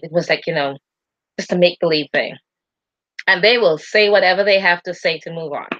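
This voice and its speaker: Bright-voiced woman telling stories animatedly. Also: fairly low pitch, normal speed, lo-fi sound. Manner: animated storytelling, laughs often. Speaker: co-host. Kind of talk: casual chat.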